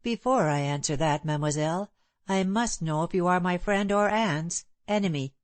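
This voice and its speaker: A woman reading as an earnest young gentleman. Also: fairly low pitch, moderate pace, no echo, lightly acted.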